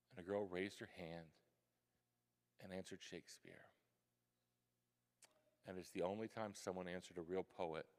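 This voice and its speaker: A man telling a childhood story to a school audience, animated and acting out his younger self with gasps and whispers. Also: low-pitched. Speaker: guest author speaking to a school. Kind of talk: storytelling talk to students. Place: large hall, school event. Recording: long hall reverb.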